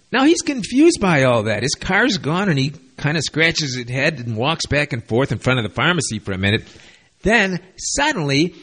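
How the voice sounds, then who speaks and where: A man's voice: on the high side, a bit bright, husky. A man hosting a video, telling a crime story in a casual monologue with sardonic, wry asides. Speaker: video host. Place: lives in Latin America.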